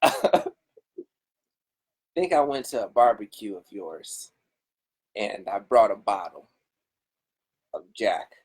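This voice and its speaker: A man speaking as a guest on a casual podcast, talking in a hesitant and measured way with many fillers. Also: lowish voice, sing-song, husky, rough recording.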